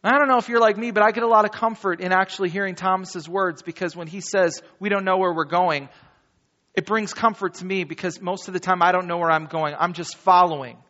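A man preaching a sermon as pastor, reading scripture and talking to his congregation in an animated, conversational way with dramatic slow pauses. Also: high voice, big-room sound, highs cut off.

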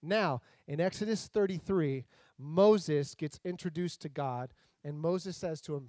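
A man's voice: a little high, measured pace, no echo. A man preaching a casual, jokey sermon, acting out the characters in the stories. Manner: animated, jokey, acts out voices. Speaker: pastor.

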